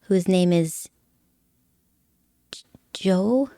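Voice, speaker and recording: A woman streamer rambles through a casual chat with her viewers, giggling often and teasing them playfully. Her voice sits fairly low, and the close mic sounds dry with no room echo. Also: very slow, warm tone. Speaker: live streamer.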